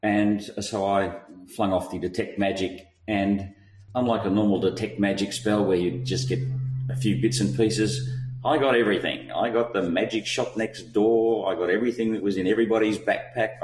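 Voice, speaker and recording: Relaxed low-voiced male player. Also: normal speed, echoey room, poor audio. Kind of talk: casual podcast recap of a tabletop game.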